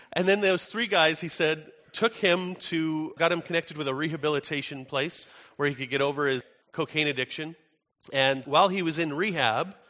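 Earnest pastor, bright voice. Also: male voice, medium pitch. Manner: earnest, conversational, animated when telling a story. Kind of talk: sermon with prayer and storytelling. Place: large church hall. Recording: reverberant hall sound.

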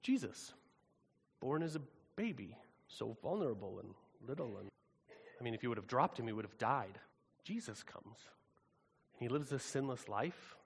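A man preaching a sermon in a casual, animated, conversational way. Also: mid-range voice, breathy edge. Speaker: pastor. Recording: long hall reverb.

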